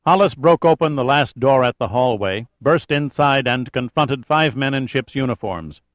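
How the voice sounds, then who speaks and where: A man reading a thriller audiobook in steady, measured narration. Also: mid-range voice, dry recording.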